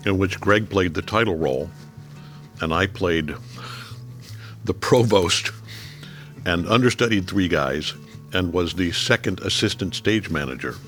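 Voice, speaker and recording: Deep voiced guy in his 70s telling old stories over food, laid back, faint music under it. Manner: relaxed storytelling, drops low and quiet on reflective moments. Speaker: guest. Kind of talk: casual chat over a meal.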